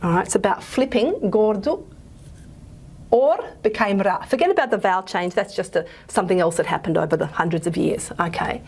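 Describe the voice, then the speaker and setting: A woman lecturing on linguistics in a loose, chatty way, full of fillers and quick self-corrections. Her voice is husky, with a gravelly edge at the ends of phrases. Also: medium pitch, darkish tone. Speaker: university lecturer.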